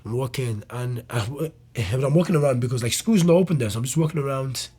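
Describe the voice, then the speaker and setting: A young man, a comedian guest, telling a personal story in an interview, animated and loose, with swearing and restarts. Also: mid-range voice, a little fast, slightly rough.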